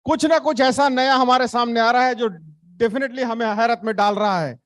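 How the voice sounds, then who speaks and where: A man's voice: extremely high pitch, racing, a bit bright, dry recording. A man hosting a live event, enthusiastic and switching between English and Hindi. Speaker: event host.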